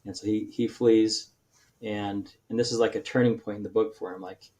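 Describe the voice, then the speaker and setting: A man with a fairly low voice talks as a podcast guest, retelling a story at length. He stumbles and restarts his sentences often, filling the gaps with ums and uhs. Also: fairly even intonation, moderate pace, dark tone. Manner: rambling retelling with many restarts and fillers. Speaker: author guest. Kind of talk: casual podcast interview.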